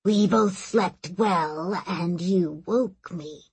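A woman voicing a slow, grumbling ancient crocodile god. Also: fairly low pitch, a little mellow, breathy edge, full character voice. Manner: slow, weary and complaining. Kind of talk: audiobook narration.

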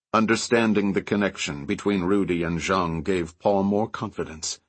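Low, husky male audiobook narrator. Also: steady tone, normal speed, hardly any pauses, dry recording. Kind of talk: scripted narration.

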